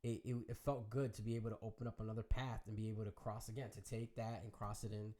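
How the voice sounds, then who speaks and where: Fast-talking man telling a story. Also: lowish voice. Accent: Chicago. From Chicago area. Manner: animated storyteller, acts out quoted voices. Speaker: guest DJ. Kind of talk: casual interview storytelling.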